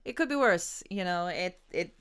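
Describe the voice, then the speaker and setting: A woman's voice: lowish voice, lively intonation, normal speed, fairly bright tone, clean tone. A woman with a Canadian accent hosting a livestreamed book launch, chatting casually, laughing and apologizing over technical trouble.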